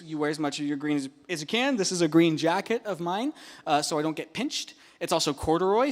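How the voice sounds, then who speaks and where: A man's voice: high-pitched, fairly bright tone. A man, a youth pastor, making joking, rambling church announcements on a handheld microphone in a church auditorium. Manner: joking, rambling, with many fillers and restarts. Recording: long reverb of a large hall.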